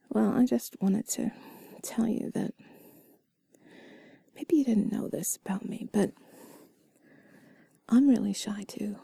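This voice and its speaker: A woman's voice: medium pitch, slow pace, gravelly, pauses often, warm tone, husky, no echo. A young woman in a whispered role-play, speaking intimately to a partner, giggly and self-deprecating. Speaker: audio role-play creator.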